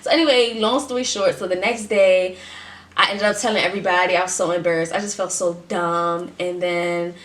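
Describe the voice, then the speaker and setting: A woman vlogger telling a personal story in casual, slangy chat, with emphatic and animated delivery. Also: fairly low pitch, moderate pace. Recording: echoey room.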